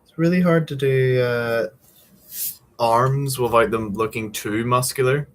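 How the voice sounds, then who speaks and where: A young man with a mid-range voice talks at a measured pace while streaming from home at night. Drawing a comic, he rambles casually, full of fillers and offhand swearing.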